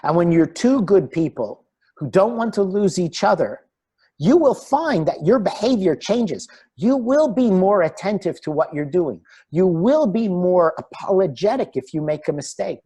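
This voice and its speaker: Husky, lively man coaching. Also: high-pitched, a little slow. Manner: animated, laughs between points, acts out quoted lines. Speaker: relationship coach. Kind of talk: online evening talk on relationships.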